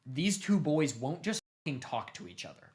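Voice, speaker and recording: A young man casually retelling a long story to his family, animated and cursing offhandedly. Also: a little high, normal speed. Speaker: streamer host.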